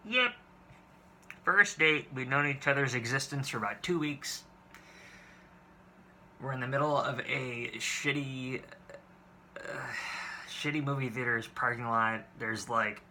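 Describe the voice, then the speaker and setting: Bright-voiced young man telling stories. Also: mid-range voice, a little slow, pauses often, slight background noise. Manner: exasperated, profane, rambling with restarts. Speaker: vlogger. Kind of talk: casual storytelling to camera.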